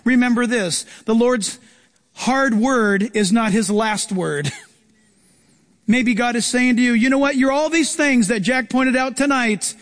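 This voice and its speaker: A man preaching a sermon as a pastor, earnest and emphatic, repeating phrases as he drives points home. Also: sits high. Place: church.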